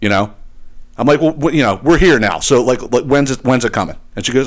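Podcast host, male, mid-pitched, swearing exasperated storyteller. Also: fast. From eastern Pennsylvania. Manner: profane, exasperated, animated retelling. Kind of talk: casual storytelling rant.

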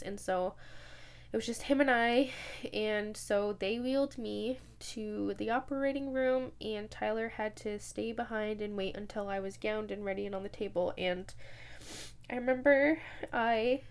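A young woman telling a personal story in an emotional way, full of quoted dialogue and fillers. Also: mid-range voice. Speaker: podcast host.

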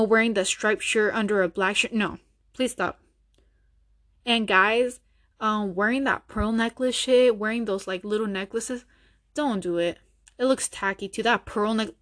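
A woman's voice: mid-range voice, fairly bright tone. Blunt, foul-mouthed young woman ranting. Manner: blunt, profane, mocking. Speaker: podcast host. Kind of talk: ranting casual monologue.

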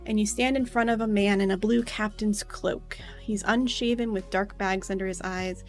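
A woman running a tabletop game as dungeon master, narrating in a relaxed, chatty way with fillers. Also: mid-range voice.

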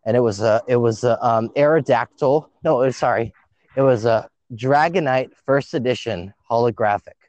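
A man hosting a casual podcast, excitable and swearing freely, often trailing off mid-sentence. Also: medium pitch, normal speed, no room sound. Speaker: podcast host. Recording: dull dry lo-fi sound.

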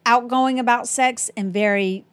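Woman hosting a chatty podcast, kinda high voice, blunt and relaxed. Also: clean tone. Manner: frank, plain-spoken, with filler pauses. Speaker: podcast host. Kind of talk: casual podcast chat.

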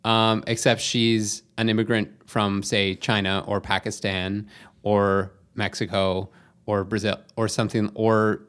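A man's voice: on the low side, level tone, a little slow, fairly bright tone, smooth. A man co-hosting a casual movie podcast, rambling and hesitant with many fillers and restarts. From Canada. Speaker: podcast co-host.

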